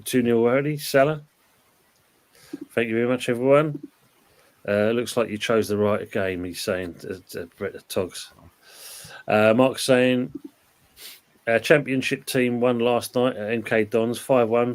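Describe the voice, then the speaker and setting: A man's voice: mid-range voice, steady tone, a little slow. A man hosting a casual live-stream football chat, rambling along and reading out viewer comments. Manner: chatty, reads out viewer comments. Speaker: host.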